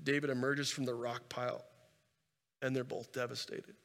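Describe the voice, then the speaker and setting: A man preaching a sermon and telling a scripture story with animated delivery, swinging between loud and soft and repeating words as he goes. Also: medium pitch, normal speed, vocal fry. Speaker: pastor. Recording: reverberant hall sound.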